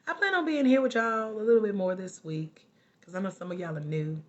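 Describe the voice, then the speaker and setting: A woman life coach chatting casually with her live-stream viewers from home, animated and often breaking into laughter. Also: medium pitch, brisk, highs cut off.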